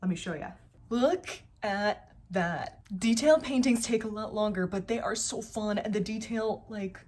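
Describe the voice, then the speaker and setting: A young woman talks through her painting in a relaxed, chatty way. She teases herself and drifts into playful asides. Her tone stays easygoing, like a teacher passing on tips. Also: medium pitch, unhurried. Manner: chatty, jokey, self-teasing asides. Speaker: painting vlogger; math teacher. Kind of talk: casual chat while painting.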